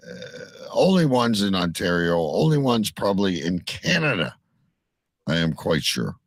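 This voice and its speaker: A middle-aged man co-hosting a casual chat, telling animated stories and swearing freely. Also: sits low, a little slow, no echo.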